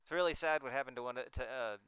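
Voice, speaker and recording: Bright, crisp-voiced man chatting casually. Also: medium pitch, quick pace, dry recording, highs cut off. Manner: chatty, laughs often, trails off and restarts. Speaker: reaction streamer. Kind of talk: casual watch-along chat.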